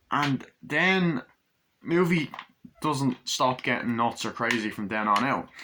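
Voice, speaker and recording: A man's voice: mid-range voice, background noise. A man casually reviewing a horror comedy film in a rambling, profane way, acting out scenes. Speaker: movie reviewer. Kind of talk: casual movie review vlog.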